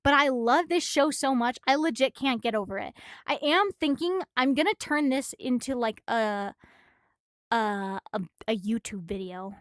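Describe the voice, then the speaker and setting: Breathless, gushing high-voiced woman. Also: normal speed, no room sound, studio quality. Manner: rambling and excitable, gushing, swearing. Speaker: streamer. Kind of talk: casual live-stream chat reading a comic aloud. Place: her own room.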